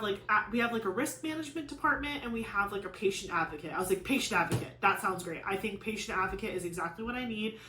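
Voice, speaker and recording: A young woman talks casually to camera, rambling through a story with constant "like"s and restarts. Her voice sits at an ordinary middle pitch. The room is echoey, with a faint hiss of noise behind her. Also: a bit bright. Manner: rambling, filler-heavy storytelling with many "like"s. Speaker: crafting vlogger.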